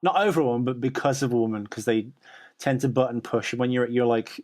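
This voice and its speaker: A man's voice: medium pitch, fast, a little mellow. A man co-hosting a podcast, talking casually and rambling with frequent restarts and filler sounds. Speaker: podcast co-host.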